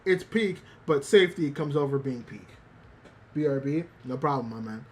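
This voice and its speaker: A man's voice: mid-range voice, lively intonation, normal speed, slight background noise. A man streaming live, chatting casually with his chat and retelling an anime episode, with many restarts and some swearing. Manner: talks to chat directly.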